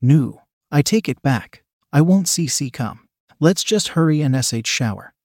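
A pleading young woman, stammering and breathless, her voice lifted higher than the reader's own, performed by a man. The sound is close and dry, with no room around it. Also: lively intonation, unhurried, darkish tone, no echo. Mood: flustered.

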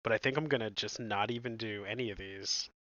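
A man's voice: lowish voice, fairly quick, fairly bright tone, no echo. A man co-hosting a podcast in casual chat, wry and self-deprecating. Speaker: podcast co-host. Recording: dull lo-fi sound.

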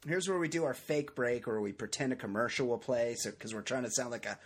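A podcast host jokes and rambles through loose, self-mocking banter on a casual show. He talks fast in a medium-pitched voice with a breathy edge.

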